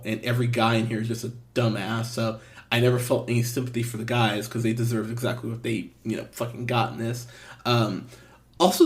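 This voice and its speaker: A man hosting a movie podcast, giving a casual, blunt review with frequent swearing and restarts. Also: mid-range voice. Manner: blunt, swears, lively emphasis with fillers and restarts. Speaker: podcast host.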